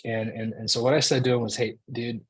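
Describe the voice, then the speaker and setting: A man's voice: medium pitch, level tone, fast, no room sound, low-quality recording. A man in his forties telling a personal story to an audience in a casual, conversational way, often saying "like" and "right?". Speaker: speaker.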